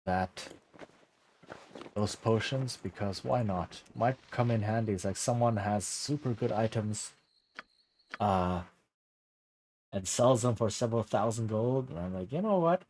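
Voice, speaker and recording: A man's voice: fairly low pitch, takes it slowly, pauses often, darkish tone, slight background noise. A man streaming a game, tired and yawning, thinking aloud and joking casually. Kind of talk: casual gameplay commentary.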